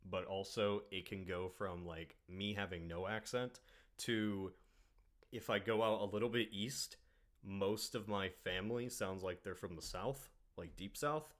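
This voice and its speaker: A man with a low voice chatting on a podcast. He rambles, trails off and restarts with plenty of ums. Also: fairly even intonation, fairly bright tone. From Ohio. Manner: rambling, halting with fillers. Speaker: podcast host. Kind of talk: casual chat.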